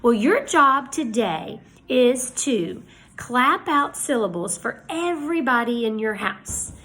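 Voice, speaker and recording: A woman teacher giving a lesson to young children, speaking slowly and clearly in an encouraging way. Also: on the high side, expressive, fairly bright tone.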